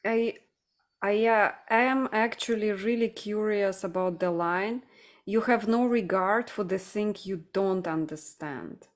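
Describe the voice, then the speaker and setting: A woman's voice: medium pitch, unhurried. A woman with a Russian accent chatting about art and song lyrics, thoughtful and hesitant, with many fillers. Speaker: podcast host.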